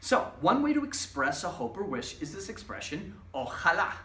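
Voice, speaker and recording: A man's voice: a little high, sing-song, normal speed, bright, forceful tone, recorded from a distance. A man teaching a Spanish lesson, explaining grammar patiently and repeating examples step by step. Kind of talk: recorded classroom lesson. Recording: echoey room, voice off-mic.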